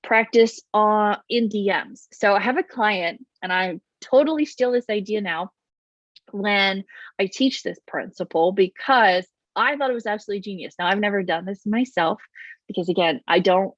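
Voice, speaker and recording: A woman coaching straight to camera in an easy, chatty way. She is loud and quick with bouncy energy. The sound is dry and a bit dull and lo-fi. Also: mid-range voice, no room sound. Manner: loud, fast, animated talker who talks with her hands. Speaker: business coach. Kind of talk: casual to-camera advice.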